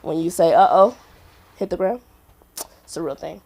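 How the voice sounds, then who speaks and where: A young woman doing stand-up at an open mic on a comedy club stage, telling a story with a giggly, animated delivery and loud acted-out voices. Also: on the low side, brisk, vocal fry.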